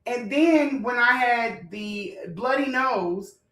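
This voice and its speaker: A fired-up woman with a fairly high voice and rants to her viewers. She is blunt and profane, and her emotional telling rings in an echoey room. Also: slow pace, fairly bright tone, recorded from a distance. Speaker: vlogger. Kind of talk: heated storytime rant.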